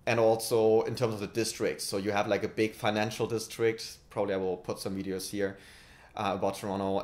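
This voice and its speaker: A man in his twenties with a German accent, talking to camera in his flat and thinking aloud with many restarts. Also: on the low side. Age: 20s. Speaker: vlogger. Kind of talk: casual talk to camera. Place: condo apartment.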